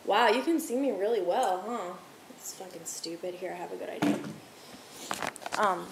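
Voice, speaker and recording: A woman's voice: mid-range voice, fairly even intonation, normal speed, vocal fry, very noisy. Young woman chatting and ranting casually. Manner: chatty, rambling, swears freely, rants heatedly. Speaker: vlogger, restaurant server. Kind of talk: casual chat to camera. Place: home room with TV on.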